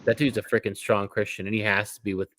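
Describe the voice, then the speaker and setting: A man's voice: on the low side, flat delivery, quick pace, fairly bright tone, a little hiss or hum. A man co-hosting a casual podcast, chatting loosely and rambling with fillers. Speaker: podcast co-host. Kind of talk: casual chat.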